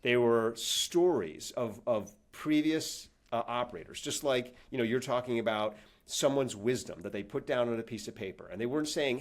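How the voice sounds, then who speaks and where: A man, a professor and author, answering interview questions as an animated storyteller who acts out the people he quotes. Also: medium pitch, fairly quick, hardly any pauses.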